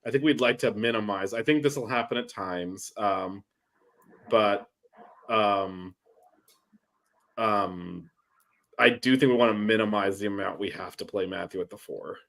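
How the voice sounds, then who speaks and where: A man's voice: lowish voice, a little slow, creaky, pauses often, fairly bright tone. A man hosting a casual sports chat, rambling with many fillers and restarts. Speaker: sports podcast host.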